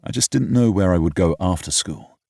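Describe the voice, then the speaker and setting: A man's voice: low-pitched, animated, brisk, vocal fry, darkish tone, slightly rough, no room sound, studio quality. A young British man narrating a first-person romance audiobook in a reflective, wry, slightly pompous way. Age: young adult.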